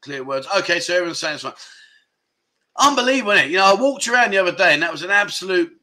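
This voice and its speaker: A rambling man hosts a casual livestream chat from his phone. His voice is bright and a touch high, and he drifts from one viewer comment to the next. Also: expressive, rapid-fire. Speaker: livestream chat show host. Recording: live stream from a mobile phone.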